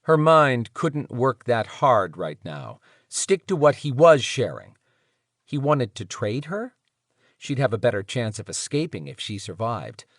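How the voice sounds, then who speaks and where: A man narrating an audiobook in an expressive, dramatic reading style. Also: mid-range voice, unhurried, no room sound, studio quality. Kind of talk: scripted narration.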